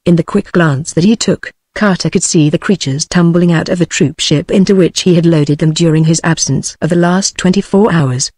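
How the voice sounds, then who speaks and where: A synthetic text-to-speech voice narrating an adventure novel with even, mechanical phrasing and a dry sound. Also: mid-range voice, moderate pace, hardly any pauses, no echo. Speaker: audiobook narrator.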